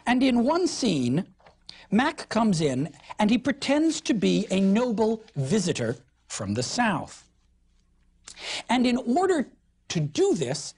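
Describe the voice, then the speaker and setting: A woman gives a literature lecture with animated, emphatic delivery. Her pitch swings widely, while her pace stays unhurried. A soft huskiness runs through her somewhat low voice. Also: husky. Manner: animated, expressive, with emphatic stresses. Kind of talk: recorded lecture.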